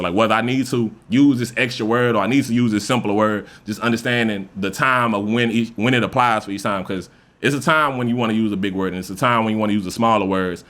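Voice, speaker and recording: A man hosting a podcast, talking casually and loosely with lots of profanity, now and then acting out example voices. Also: fairly low pitch. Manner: loose, profane, animated speaker who acts out example voices. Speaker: podcast host. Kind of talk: casual monologue.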